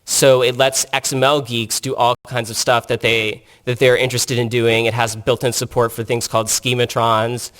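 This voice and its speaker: A man's voice: medium pitch, level tone, moderate pace, hardly any pauses, fairly bright tone. A man giving a technical conference presentation, explaining in an earnest way with frequent restarts and fillers. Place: conference room.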